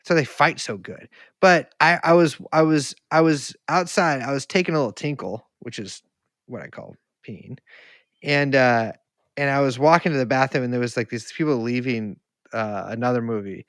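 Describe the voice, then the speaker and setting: A man's voice: medium pitch, moderate pace, a bit bright, no echo, studio quality. A man co-hosting a podcast, telling rambling, profane, jokey stories in casual chat. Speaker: podcast co-host.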